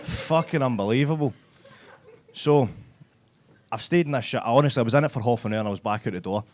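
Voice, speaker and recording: A man's voice: medium pitch, quick pace, darkish tone. A man with a Glaswegian accent doing a live stand-up set on a comedy club stage, brash and sweary, chatting to the crowd and tagging lines with "right?".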